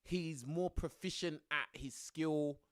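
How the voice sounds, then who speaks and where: A man's voice: fairly high pitch, takes it slowly, fairly bright tone, dry recording, studio quality. A young man chatting casually to his live stream audience, tossing in bruv and bro.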